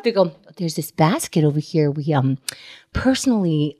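Woman comedian, lively swooping pitch, laughing storyteller who curses freely. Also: normal speed. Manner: animated storytelling, frequent laughter, swearing. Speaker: comedian, podcast host. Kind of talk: casual comedic chat.

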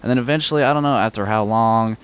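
A man's voice: lowish voice, fast talker, a bit bright, smooth. A young man telling a story in casual chat, rambling with many fillers and frequent swearing.

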